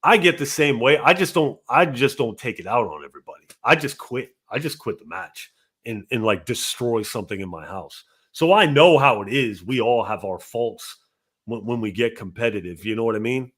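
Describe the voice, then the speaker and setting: A man's voice: medium pitch, lively intonation, moderate pace, a bit bright, slightly rough. A man guesting on a casual podcast chat. He talks animatedly, swears and then apologizes for it.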